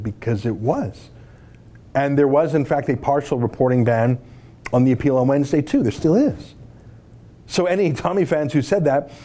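A man's voice: mid-range voice, mellow, breathy edge. A man giving sarcastic political commentary, indignant and mocking, full of rhetorical questions.

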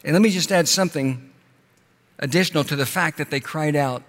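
A male pastor preaching a sermon, rising to loud passionate peaks and then dropping soft and slow. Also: a little high, in a large hall.

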